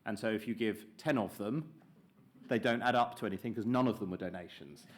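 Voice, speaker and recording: A man's voice: fairly low pitch, brisk. Wry man chairing a panel. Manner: wry, lightly joking.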